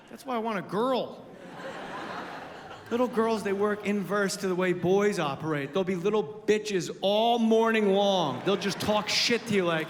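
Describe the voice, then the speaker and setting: A man doing a stand-up comedy set, telling animated stories and acting out both sides, swinging from muttering to shouting. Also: high voice, measured pace. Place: comedy club stage. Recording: live club recording, roomy hall reverb with audience laughter and noise.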